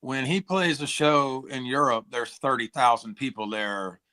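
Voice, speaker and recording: A man in his forties, a musician guest from Tennessee, chatting casually and rambling with a hoarse, throat-clearing voice. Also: medium pitch, a little slow, pushed and bright. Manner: rambling, says "like" and "dude" a lot. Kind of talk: casual interview chat.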